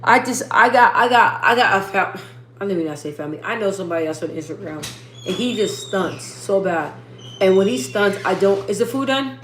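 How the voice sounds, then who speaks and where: A young woman hosting a casual livestream, reading viewer comments and rambling in slangy asides. She lifts her speaking voice above her natural lower register. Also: lively intonation, fairly quick, fairly bright tone, roomy sound, slight background noise. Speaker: livestream host.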